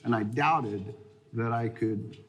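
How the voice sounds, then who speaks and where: A man's voice: medium pitch, takes it slowly. Interview guest, man in his fifties, ex-football player; loose, rambling storyteller who stops and starts and laughs through his stories. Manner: rambling, laughing as he tells stories, many restarts.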